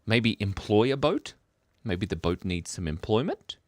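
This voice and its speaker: Middle-aged Australian man, low voice, quiet and playful, lots of laughs, casual stream host. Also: very animated, measured pace, no echo, clean studio sound. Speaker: livestream host. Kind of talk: casual chat reading viewer comments. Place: home, early morning. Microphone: microphone worn near the beard.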